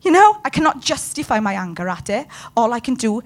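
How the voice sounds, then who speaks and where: A woman's voice: a little high, very animated, fairly quick. Impassioned woman preaching a sermon. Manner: impassioned, talks to the room with questions.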